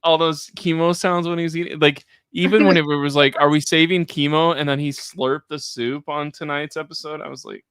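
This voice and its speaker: Smooth-voiced man in casual recap chat. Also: fairly high pitch, flat delivery, a bit bright, no room sound. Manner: chatty, quick to mimic people in quotes. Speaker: co-host of a reality TV recap show.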